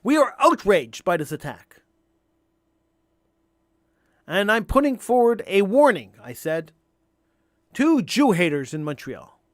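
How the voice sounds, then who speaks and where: A male radio talk show host delivering an impassioned, emphatic monologue, building to near-shouting on key points. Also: sits high, very animated, takes it slowly, long pauses, no room sound, studio quality.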